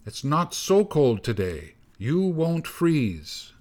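Young snow boy spirit played by a male reader, raised voice, urgent shouted orders, storybook tale. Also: a little high, big pitch swings, slow pace, pitched above the performer's own voice.

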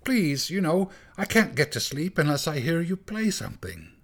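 A man voicing a polite but impertinent male tortoise-shell cat in a storybook reading, raising his voice higher and softer. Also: very animated, moderate pace. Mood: wheedling. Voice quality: soft, wheedling.

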